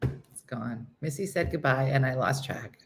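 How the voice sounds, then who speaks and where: A woman's voice: very deep voice, measured pace, a little hiss or hum. A woman hosting a casual morning chat show, rambling through stories, laughing at them and losing her train of thought.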